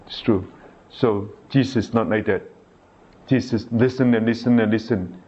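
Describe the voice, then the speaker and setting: A priest giving a sermon, reading a diary aloud and adding halting asides and rhetorical questions to his listeners. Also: fairly low pitch, steady tone, a little mellow. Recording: dull lo-fi recording.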